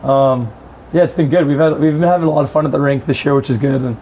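A man in his thirties chatting on a podcast in a relaxed, laid-back way, with a voice a little higher than most men's. A faint noise sits behind him. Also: fast. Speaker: pro hockey player, podcast guest. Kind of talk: casual chat.

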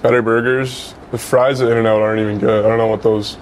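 A teenage man, a hockey player guest, chatty and quick to hedge with "like". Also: lowish voice, little pitch movement, a little hiss or hum. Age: teens. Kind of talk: casual podcast chat.

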